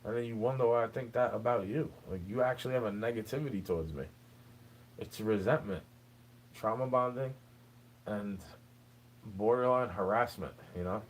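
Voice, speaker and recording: This young man speaks at normal speed in a fairly low voice, leaving long pauses as he rambles through an aggrieved, unscripted rant directed at the listener, saying "bro" repeatedly. Poor audio with slight background noise.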